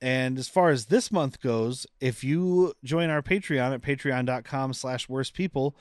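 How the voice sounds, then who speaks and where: A man's voice: medium pitch, measured pace, clean tone, dry recording, studio quality. A man co-hosting a podcast, chatting casually and rambling through the upcoming schedule with many restarts. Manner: rambling, self-correcting, announces schedule. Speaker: podcast co-host.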